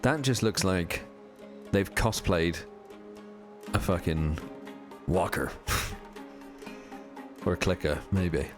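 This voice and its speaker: Speaking slowly with frequent pauses, a man with a low, expressive voice chats through a live video game stream over background music. He rambles with plenty of fillers, reading the chat and answering viewers' questions while he plays.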